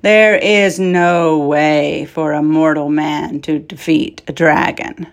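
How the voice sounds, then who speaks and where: Woman voicing a wicked boastful dragon, storybook, deep growling, slow sneering, menacing, loud. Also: steady tone, gravelly, heavily acted.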